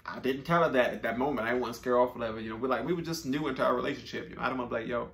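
A man tells a personal story in a relaxed, conversational way. His voice has a gravelly, creaky edge. He uses slang and often circles back to repeat himself. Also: medium pitch, very fast. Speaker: storyteller vlogger. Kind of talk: casual storytelling.

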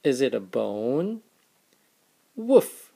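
Dad reading a kids book real slow, warm mellow voice, bit husky. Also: male voice, mid-range voice. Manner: slow, gentle, expressive. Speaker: father reading to his children. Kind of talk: reading a picture book aloud.

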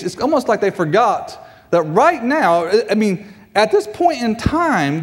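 A man preaching a sermon as a guest preacher, repeating phrases and swinging his pitch. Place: church sanctuary. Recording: church hall reverb.

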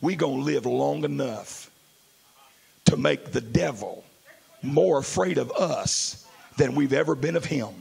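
A male pastor preaching a sermon in a large church, moving from hushed storytelling to shouted declarations. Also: mid-range voice, a little slow, vocal fry, breathy edge.

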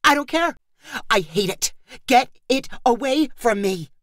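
A woman's voice: high voice, sing-song, normal speed, fairly bright tone, dry recording, clean studio sound, voice pushed up. A woman voicing a frazzled, exasperated young aunt at her wits' end, with pleading, exclamatory outbursts.

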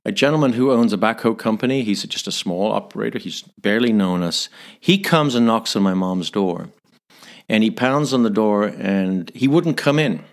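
A man in his fifties with a Northern Irish accent, a podcast guest telling stories with animated delivery, often repeating words as he searches. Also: fairly low pitch, moderate pace. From Northern Ireland. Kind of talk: storytelling interview.

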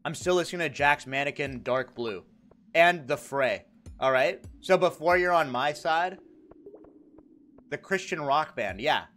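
A young male streamer talking over his game, joking with chat and laughing a lot. His voice sits a little high and swings widely in pitch as he riffs, with faint music playing underneath. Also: measured pace. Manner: joking and animated, laughs often. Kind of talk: casual livestream chat, reacting to chat.

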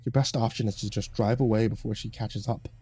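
Man, horror story narrator, dark husky voice, calm measured delivery, faint music underneath. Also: fairly low pitch.

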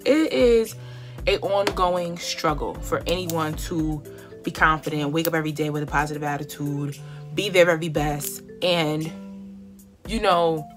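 A woman's voice: lowish voice, a bit bright. A woman in her twenties doing her makeup at home while she talks candidly to her viewers, heartfelt and conversational, calling them y'all. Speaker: beauty vlogger. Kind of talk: chatty get-ready-with-me monologue.

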